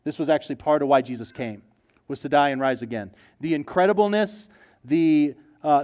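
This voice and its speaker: A man's voice: on the high side, darkish tone. A man preaching a sermon in a casual, conversational way, often acting out the voices of the people he quotes. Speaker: pastor.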